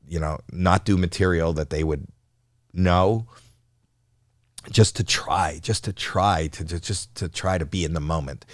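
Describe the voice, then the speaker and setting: A man's voice: rumbling low, no room sound, clean studio sound. A man in his sixties, a comedian guest, telling candid, profane stories with restarts, acting out his panicked younger self. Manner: animated, acts out his old stage panic in a raised voice; profane, repeats and restarts mid-sentence. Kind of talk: candid storytelling in a podcast interview.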